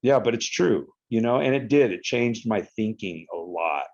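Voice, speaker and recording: A man in his fifties telling a story as a podcast guest, in an animated and profane way. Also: lowish voice, normal speed, dull audio. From United States. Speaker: podcast guest, retired wrestler. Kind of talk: casual storytelling interview.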